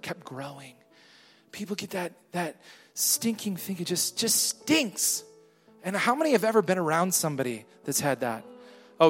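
A man, a pastor, preaching a sermon with call and response to a congregation, swinging between loud shouting and quiet murmuring. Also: sits high. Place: church hall with a congregation. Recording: live hall with long reverb and soft music.

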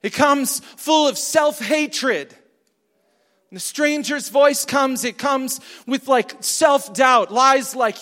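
Guy preaching w a really high voice, keeps repeating himself + quizzing the crowd, long echo. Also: takes it slowly, a bit bright. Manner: emphatic, repetitive, questions the congregation. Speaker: pastor. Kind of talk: sermon. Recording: long hall reverb.

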